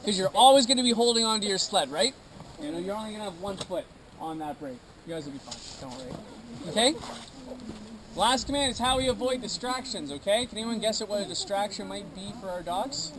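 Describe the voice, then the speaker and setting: A man's voice: high voice, expressive, fairly quick, crowd noise. A man guiding a sled dog tour, giving an upbeat, joking outdoor safety briefing to a group and ending lines with "okay?". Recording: noisy outdoor field recording.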